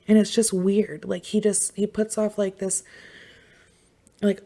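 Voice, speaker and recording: Woman podcast host, low gravelly voice, mellow tone, blunt and emphatic, swears a lot. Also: little pitch movement, measured pace, pauses often. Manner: emphatic, swears freely, full of "like". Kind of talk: casual true-crime chat.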